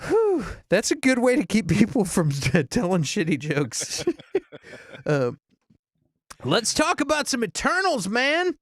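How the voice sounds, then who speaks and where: A man's voice: high voice, wildly swooping pitch, takes it slowly, no room sound, clean studio sound. A man co-hosting a casual film podcast, joking and rambling with lots of fillers. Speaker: podcast co-host. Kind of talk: casual chat.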